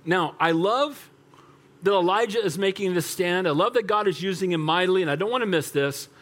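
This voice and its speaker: An older male pastor preaches with a high-pitched voice that swings up and down. His delivery is animated and storytelling, and he punctuates points with calls for an amen. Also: brisk. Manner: animated, rhetorical, calls for amens. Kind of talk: sermon.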